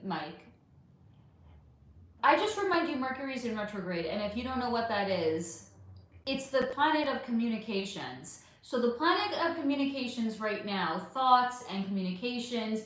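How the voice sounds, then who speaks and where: Her voice sits on the high side and sounds a bit bright. Running a psychic livestream in a heavily echoing room, she answers viewer comments frankly and curses freely.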